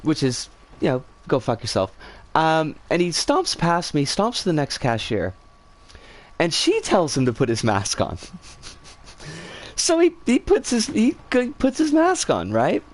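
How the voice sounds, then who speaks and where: A woman streamer casually telling a story, animated and swearing freely. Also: sits low, unhurried.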